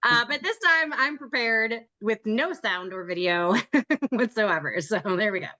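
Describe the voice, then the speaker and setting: A woman's voice: fairly high pitch, measured pace, bright, forceful tone. A woman leading an online trip-planning meeting over a video call, chatty and joking, laughing often as she talks. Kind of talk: casual meeting talk.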